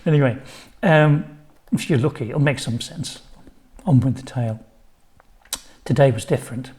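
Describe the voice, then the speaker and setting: A man's voice: mid-range voice, normal speed, darkish tone. An older man reading his own children's story, chatty, with asides to the listener.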